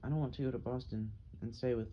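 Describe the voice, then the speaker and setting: A man's voice: mid-range voice, steady tone, quick pace, lo-fi sound, slight background noise, natural voice. A man reading an audiobook, voicing an earnest, stubborn young boy who pleads and insists. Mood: insistent.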